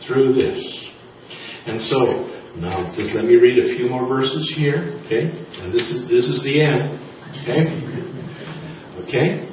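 Pastor heard from afar in an echoey room. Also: male voice, mid-range voice, expressive, unhurried. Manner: conversational, checks in with the congregation; reads scripture aloud between remarks. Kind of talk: sermon. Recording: distant, dull, roomy sound with faint noise.

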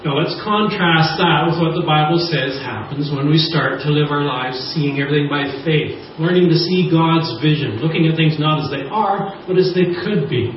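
Male pastor preaching, bit high voice, booming echo, mic far away, muffled sound, faint room hum. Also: moderate pace, hardly any pauses. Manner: preaching with call-and-response prompts. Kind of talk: sermon. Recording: echoey church hall from far off, dull sound.

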